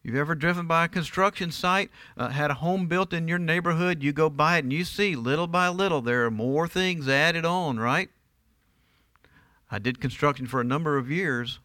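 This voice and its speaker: A man's voice: a little high, normal speed, bright, forceful tone, no room sound. A middle-aged man preaching a sermon in church, emphatic and often asking his listeners rhetorical questions. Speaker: pastor.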